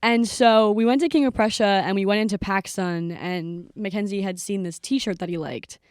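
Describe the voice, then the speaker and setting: A young woman co-hosting a podcast in casual chat, telling stories with lively acted-out quotes. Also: mid-range voice, moderate pace, no room sound, clean studio sound. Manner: animated storyteller, acts out quotes. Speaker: podcast co-host.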